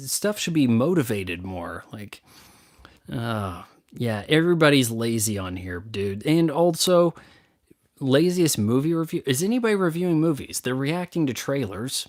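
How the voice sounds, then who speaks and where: A man answering viewer questions as a movie and game critic, blunt and sarcastic, swearing often and mocking others in put-on voices. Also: medium pitch. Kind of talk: casual profane Q&A rant.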